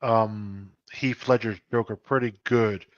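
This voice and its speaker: A man's voice: lowish voice, steady tone, slow, dry recording. A man hosting a casual live stream, reading out viewer comments with blunt, teasing banter. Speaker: host. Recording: dull dry lo-fi audio.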